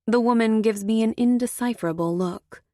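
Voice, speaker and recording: A woman narrating a first-person audiobook thriller in a measured, wry way. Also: fairly high pitch, mellow, no room sound, clean studio sound.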